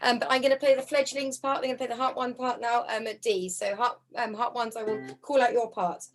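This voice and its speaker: A woman's voice: on the high side, fairly even intonation, fairly quick. A woman teaching a harp ensemble over a video call, friendly and encouraging, counting beats aloud and humming the parts. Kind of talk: online music lesson, counting beats. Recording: harp music under the voice.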